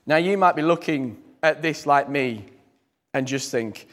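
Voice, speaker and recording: A man preaching a lively, conversational sermon and quoting scripture. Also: fairly high pitch, measured pace. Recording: long hall reverb.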